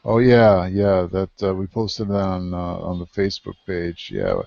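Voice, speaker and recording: A low-voiced man talks casually as the interviewer, recommending reading to the audience. The sound is muffled and lo-fi, with no room echo. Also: a little slow, creaky. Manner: relaxed, recommends reading to listeners. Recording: dry, dull lo-fi audio.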